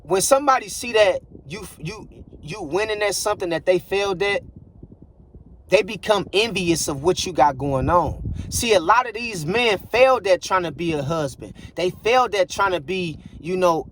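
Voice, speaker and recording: Blunt high-voiced man preaching advice. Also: animated, normal speed, a bit bright, slight background noise. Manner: blunt, preachy, repeats phrases like "bruh" and "I guarantee you". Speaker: relationship commentator. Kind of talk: casual monologue to camera.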